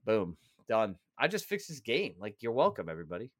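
A man's voice: fairly low pitch, huge pitch swings, a little fast, no echo, clean studio sound. A man co-hosting a casual gaming podcast, joking and ranting with a lot of swearing. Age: adult father of three. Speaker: podcast co-host.

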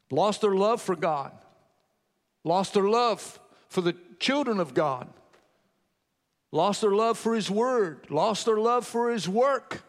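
A man's voice: high-pitched, big-room sound. A man preaching a sermon, retelling a convert's testimony in story form and exhorting the congregation.

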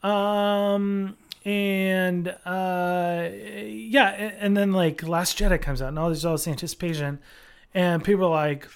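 A man's voice: sits high, level tone, slow, vocal fry, smooth. A man co-hosting a podcast, rambling casually with lots of fillers, restarts and swearing. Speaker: podcast co-host. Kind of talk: casual chat.

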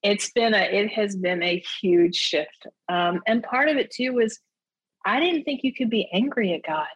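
A woman guest speaking candidly and earnestly in conversation, often checking in with "right?" and laughing softly between thoughts. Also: mid-range voice, normal speed, breathy edge, no room sound, highs cut off. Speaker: interview guest. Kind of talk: candid personal testimony in conversation.

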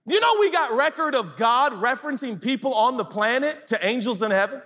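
A man's voice: very high voice, expressive, a little fast, few pauses, pushed and bright. A man pastor giving a sermon in a large theater, talking in a conversational, humorous and emphatic way. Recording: live hall reverb.

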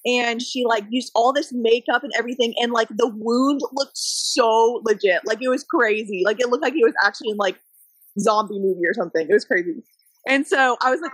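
High bright-voiced young woman storyteller. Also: brisk, slightly rough, no room sound. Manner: animated, lots of "like", laughs often. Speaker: podcast guest. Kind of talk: casual storytelling chat.

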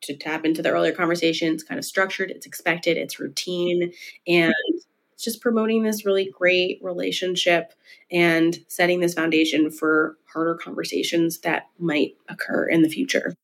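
A woman's voice: fairly low pitch, little pitch movement, moderate pace. A woman clinical psychologist, a podcast guest, explaining her work in a conversational way and stretching out the words she wants to stress. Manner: explanatory, with stretched emphasis on key points. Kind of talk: conversational interview.

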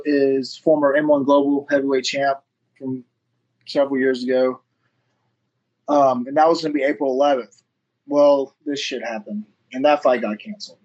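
A man's voice: mid-range voice, a little mellow, dull audio. A man, a fighter and firefighter, telling a long story in casual interview chat, swearing freely and acting out what others said. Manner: rambling storyteller, swears freely, acts out quotes.

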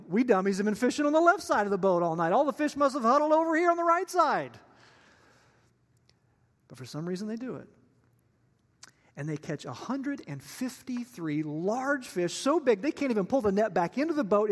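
A male pastor preaching a sermon in a chatty, joking way, often putting questions to his listeners. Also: extremely high pitch. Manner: conversational and joking, asks the audience questions. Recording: long reverb of a large hall.

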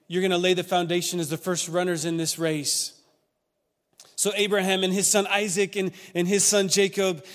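A man preaching a sermon, retelling stories in an animated way that builds with excitement. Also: high voice. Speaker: pastor. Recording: long reverb of a church hall.

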